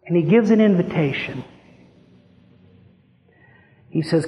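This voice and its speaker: A man preaching a sermon as a pastor, impassioned, swinging between hushed and rising pleading. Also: high voice, lively intonation, takes it slowly, narrow, tinny audio, slight background noise. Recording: long hall reverb.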